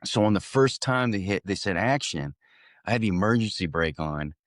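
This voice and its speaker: A man's voice: fairly low pitch, animated, normal speed, dry recording, clean studio sound. A young adult man, an actor guest, telling a story casually and animatedly, laughing often and restarting sentences.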